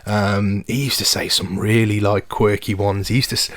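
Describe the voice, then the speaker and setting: Chatty low-voiced Telford man. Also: flat delivery, normal speed, fairly bright tone, no echo. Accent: Telford English. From Telford, England. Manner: chatty, rambling, many fillers. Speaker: podcast host. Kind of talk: casual podcast chat. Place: podcast studio.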